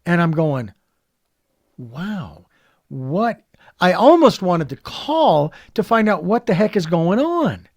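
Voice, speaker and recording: A man hosting an interview, retelling a personal story in an animated, reflective way with many fillers. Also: high-pitched, measured pace, few pauses, dry recording, clean studio sound. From California. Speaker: podcast host.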